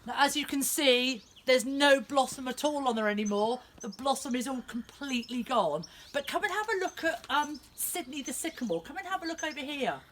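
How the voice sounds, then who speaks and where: A woman leading a lively outdoor nature lesson for young children in a small back garden, speaking straight to them in a sing-song way. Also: high-pitched, moderate pace, few pauses, a little hiss or hum. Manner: animated, sing-song, talks directly to kids.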